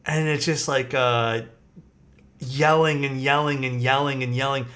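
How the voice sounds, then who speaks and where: A man's voice: medium pitch, steady tone, a little slow, a bit bright. A young man streaming from his desk, telling a rambling story in a casual way, with lots of "like" and some swearing. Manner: rambling and chatty, peppered with "like" and swearing. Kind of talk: casual storytelling while building a keyboard on a live stream. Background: faint background music.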